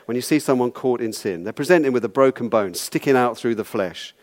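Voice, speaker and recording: A man's voice: mid-range voice, fairly quick. A man preaching a sermon in a conversational, wry way, often repeating words as he goes.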